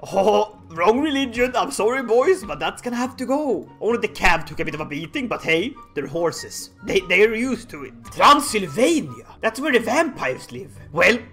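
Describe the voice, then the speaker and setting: A young man with a high, bright voice banters through a strategy game with dry sarcasm. He yells orders at his troops now and then, and game music runs behind him. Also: very animated, moderate pace, few pauses. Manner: joking, sarcastic banter with shouted outbursts. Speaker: gaming commentator. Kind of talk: casual gameplay commentary.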